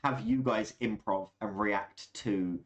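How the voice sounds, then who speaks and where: Low-voiced guy, game master, calmly explaining stuff in long sentences. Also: slow pace. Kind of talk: casual chat.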